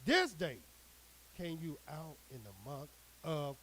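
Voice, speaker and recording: A man preaching a sermon, reading scripture aloud and expounding on it with an emphatic, drawn-out cadence. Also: a little high, big pitch swings, fairly bright tone, a little hiss or hum, rough recording.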